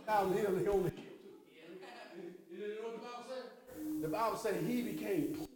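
An older man preaching a lively, playful church sermon, hollering and calling out to the congregation. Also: sits high. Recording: echoey church room with crowd noise.

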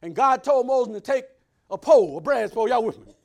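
High-voiced preacher, loud then hushed. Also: male voice, expressive, brisk. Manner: swings between loud preaching and hushed asides. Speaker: pastor. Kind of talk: sermon.

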